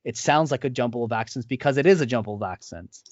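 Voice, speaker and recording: A man of middle pitch chats as an interview guest, rambling along with lots of "um" and "like" and restarting his sentences. The sound is dry and close, with a dull lo-fi quality. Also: lively intonation, quick pace, no room sound. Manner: rambling, many fillers and restarts. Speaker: voice actor guest. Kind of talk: casual interview chat. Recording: dull lo-fi audio.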